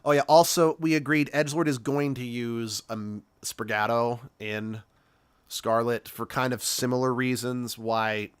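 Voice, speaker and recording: A man's voice: medium pitch, fairly even intonation, unhurried, smooth, dry recording. A man streaming a game, talking casually in a rambling, self-correcting way. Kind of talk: casual gaming commentary.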